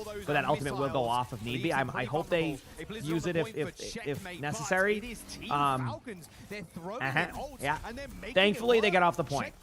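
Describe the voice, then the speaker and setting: A man streaming live, giving rapid esports commentary in auctioneer-like patter as he reacts to a pro match. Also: mid-range voice.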